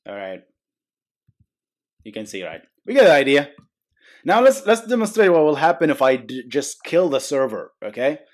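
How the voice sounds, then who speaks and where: Animated man explaining code. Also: fairly high pitch, moderate pace, long pauses. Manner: animated, jokey asides, frequent "okay?" and "guys". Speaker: programming tutorial host. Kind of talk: casual screen-share coding walkthrough.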